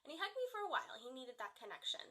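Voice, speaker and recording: A young woman, a mother of small children, chatting casually and telling a story to camera in an animated way. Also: high-pitched, very fast. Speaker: parenting vlogger.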